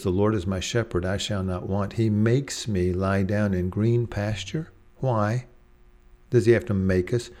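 A man preaching a devotional sermon in a gentle, reflective way, slowing down to stress single words. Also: lowish voice.

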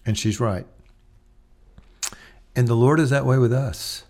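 Man, middle-aged, pastor, sermon, medium pitch, slow deliberate emphasis, acts out little scenes. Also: a little mellow. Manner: acts out dog-talk and scolding in a raised voice.

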